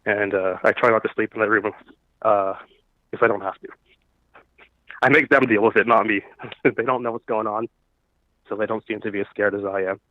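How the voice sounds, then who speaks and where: A man phones in to share an eerie experience at home, stumbling over his words with plenty of fillers. His voice sits low and comes through a thin, phone-like line. The sound is dry, with no room around it. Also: steady tone, dry recording. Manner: halting, nervous storytelling with many fillers. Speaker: caller. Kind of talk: phone-in ghost story.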